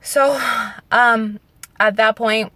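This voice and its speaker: A woman's voice: a little high, steady tone, very slow, bright, forceful tone, no room sound. Earnest woman telling a personal story. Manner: earnest, emotional, candid. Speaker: vlogger.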